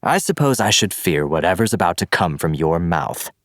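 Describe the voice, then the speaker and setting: A man's voice: deep voice, very animated, normal speed, fairly bright tone, no echo, studio quality. A man voicing a composed, cackling male assassin who mocks his young opponent in a storybook reading. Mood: mocking. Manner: mocking and taunting.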